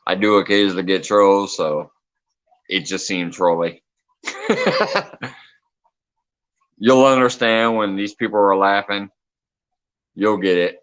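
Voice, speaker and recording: A man's voice: fairly low pitch, fairly even intonation, moderate pace, a bit bright, low-quality recording. A man hosting a casual late-night livestream chat, reading comments aloud, laughing often and swearing freely. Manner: loose, joking, swears freely. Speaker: livestream host.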